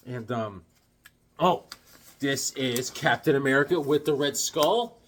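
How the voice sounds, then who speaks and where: A man's voice: mid-range voice, moderate pace. A middle-aged man chatting casually to camera about comic books, jokey and wisecracking. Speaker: comic book vlogger. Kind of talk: casual rambling chat to camera.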